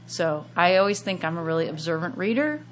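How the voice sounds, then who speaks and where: A woman with a slightly low voice hosts a casual book chat. She talks eagerly, piling up details as she tells the story. Her tone stays loose and friendly. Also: very animated, brisk. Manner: enthusiastic, chatty storytelling. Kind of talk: casual chat about books.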